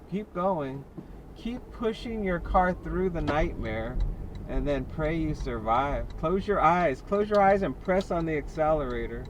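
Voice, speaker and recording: A man's voice: fairly high pitch, far from the mic. Chatty man commenting while driving. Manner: chatty, joking, exclaims at traffic. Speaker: delivery driver vlogger. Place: inside a car in Las Vegas. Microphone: dash cam in car. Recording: noisy car interior. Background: car and street noise.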